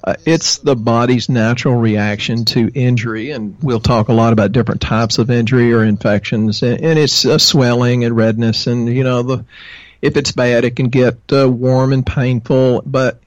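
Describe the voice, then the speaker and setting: A man's voice: medium pitch, fairly even intonation, normal speed, dry recording. Folksy Texan man, dull lo-fi sound. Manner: rambling, folksy explaining with fillers. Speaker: guest, natural health practitioner. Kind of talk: casual interview.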